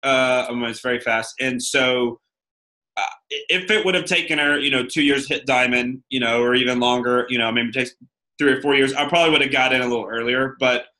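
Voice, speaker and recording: A man chatting casually next to his wife, with a bright voice at an everyday pitch. He rambles and leans on fillers as he works through his points. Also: fairly even intonation, a little fast, poor audio. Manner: rambling, many fillers like "you know" and "like". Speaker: co-host, husband. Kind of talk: casual conversational advice.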